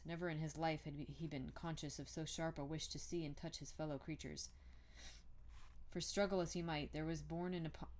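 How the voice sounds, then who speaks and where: A woman's voice: sits low, darkish tone. A woman reading a classic novel aloud in a plain amateur style, now and then restarting a word. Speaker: audiobook reader.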